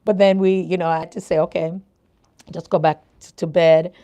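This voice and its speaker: A woman's voice: lowish voice, little pitch movement, moderate pace. Chatty older woman with a Jamaican accent. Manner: chatty, warm asides to viewers, laughs often. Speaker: nurse coach and livestream host. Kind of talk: casual livestream chat.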